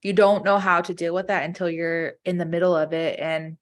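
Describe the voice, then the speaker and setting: Low-voiced earnest woman chatting. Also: level tone, brisk. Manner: earnest, speaks frankly. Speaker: podcast co-host. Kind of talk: casual chat.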